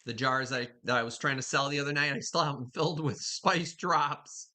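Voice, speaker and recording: A woman's voice: low voice, moderate pace, pushed and bright. A woman hosting a live stream from home, chatting casually with viewers and greeting them by name. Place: home kitchen.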